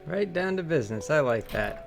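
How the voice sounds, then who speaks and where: A man's voice: a little high, lively intonation, a little fast, creaky. A man co-hosting a video game stream, making dry, wry remarks, with game music behind. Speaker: let's play co-host. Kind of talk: casual let's play commentary.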